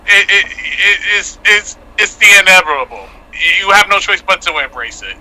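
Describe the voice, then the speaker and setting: A man's voice: sits high, lively intonation, normal speed, sharp tone, rough recording. A man who is a guest on a casual podcast, talking emphatically, laughing, and repeating himself for stress.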